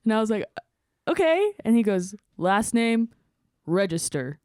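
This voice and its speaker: A woman's voice: medium pitch, moderate pace, clear, resonant tone, no room sound, studio quality. A woman and bartender chatting on a podcast, telling bar stories and acting out customers with laughs. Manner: animated storyteller, acts out customers with laughs. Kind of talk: casual chat.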